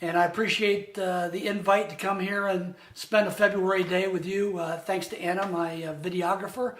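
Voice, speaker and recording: A man's voice: sits high, flat delivery, moderate pace, slight background noise. A man singing rock songs unplugged, strumming a guitar, with a Midwestern American accent, then thanking viewers. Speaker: musician. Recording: echoey room with loud guitar.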